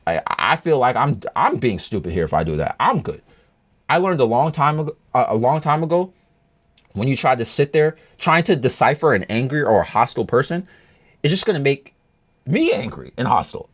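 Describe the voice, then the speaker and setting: A man casually telling a story in a rambling, opinionated monologue. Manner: animated, rambling, swings pitch high in exasperation.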